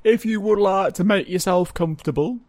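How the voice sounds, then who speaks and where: A man voicing a fussy, bossy male keeper who shouts orders down a pipe in a high, loud voice. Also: no echo, studio quality, natural voice. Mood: officious. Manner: brisk and officious, shouting.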